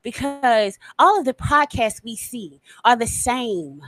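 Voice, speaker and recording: A woman's voice: on the high side, lively intonation, slow pace, rough recording. A woman hosting a podcast in casual chat, brash and laughing as she talks. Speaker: podcast host.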